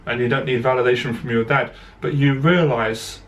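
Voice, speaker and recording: A man's voice: mid-range voice, fairly even intonation, moderate pace, muffled recording. A man, a dating coach, telling a personal story to camera in an earnest, direct way, repeating himself as emotion catches in his voice.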